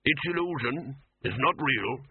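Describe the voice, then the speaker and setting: A man doing a calm, reassuring old wizard. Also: mid-range voice, measured pace, slightly rough, no echo. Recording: tinny phone-like sound.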